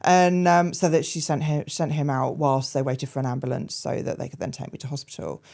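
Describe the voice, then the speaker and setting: A woman, a podcast guest telling her personal story frankly, hesitant and full of fillers, with dark humour. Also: deep voice, level tone, brisk, vocal fry.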